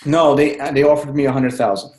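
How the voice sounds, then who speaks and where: A man talking in casual chat on a group call, excited and rambling, who keeps saying "man.". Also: mid-range voice, fairly quick, roomy sound, low-quality recording. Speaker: team member speaking on a group call.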